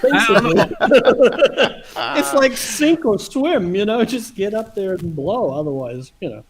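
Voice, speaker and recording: With a crowd audible behind him, this host tells stories on a video-call livestream at a measured pace, his voice sitting high. He's animated and laughs often, acting out the quotes as he goes.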